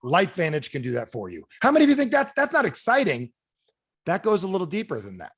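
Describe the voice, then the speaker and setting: A man delivers a lively motivational sales talk with a voice that swoops up and down. He keeps asking his listeners questions to pull them in. The sound is dry and close, with no room around it. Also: high voice, fast, breathy edge, dry recording. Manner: animated, asks the audience repeated questions. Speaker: motivational speaker. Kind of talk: energetic sales training talk. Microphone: video call.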